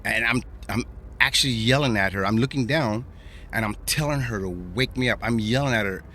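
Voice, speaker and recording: A man's voice: mid-range voice, brisk, bright, forceful tone, slight background noise. A man hosting a podcast, telling a personal story in a casual, rambling way, repeating himself and using slang. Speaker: podcast host.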